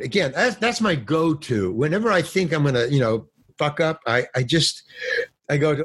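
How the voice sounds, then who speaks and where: A man's voice: fairly high pitch, moderate pace, husky. An older man, a guest actor, telling a casual anecdote and acting out other people's lines, with some swearing and slang. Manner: animated storyteller, acts out other people's lines.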